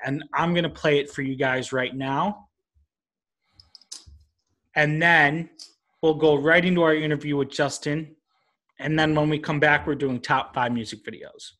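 Rambling podcast host man, bright tone. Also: fairly high pitch, unhurried. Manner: loose, rambling, filler-heavy. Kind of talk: casual chat.

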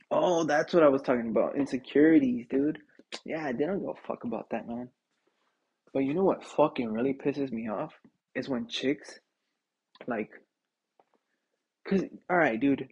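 A young man with a husky voice rambles through a casual podcast rant, swinging his pitch up and down as he tells stories. He swears freely, laughs at his own jokes and keeps throwing in "dude.". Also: lo-fi sound. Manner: animated, swearing, laughing often, says dude a lot. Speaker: podcast host.

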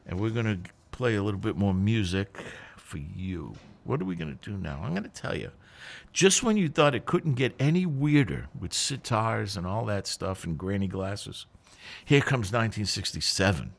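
A man's voice: on the low side, animated, normal speed, gravelly. A man in his sixties hosting a radio show, chatting casually with a jokey, chuckling manner and pushing a ticket giveaway hard. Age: 60s. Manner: chatty and jokey, chuckles often, pushy when plugging a giveaway. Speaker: radio host.

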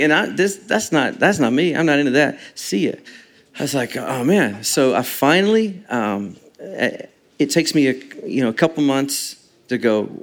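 Halting man laughing through a story. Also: a little high, big pitch swings. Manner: halting, many restarts, laughs often while talking. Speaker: guest telling a personal story. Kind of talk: casual storytelling.

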